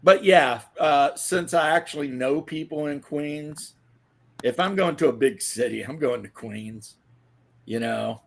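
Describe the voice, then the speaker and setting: Male podcast host from the American South, slightly high voice, profane, rambling and joking. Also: a little slow, gravelly, a little hiss or hum. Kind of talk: casual podcast chat.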